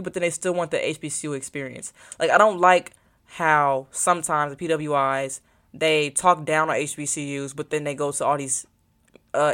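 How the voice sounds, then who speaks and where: A woman's voice: deep voice, fairly bright tone. Rambling young woman vlogger. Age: young adult. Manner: chatty and rambling, thinks aloud while searching her phone. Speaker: college student vlogger. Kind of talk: casual vlog chat to viewers.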